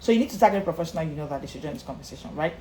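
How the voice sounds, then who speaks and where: Deep, mellow, and animated, this woman's voice moves very fast as she coaches confidence over a livestream. Emphatic throughout, she repeats key lines and greets viewers by name. Slight background noise sits under an echoey room with faint ambience.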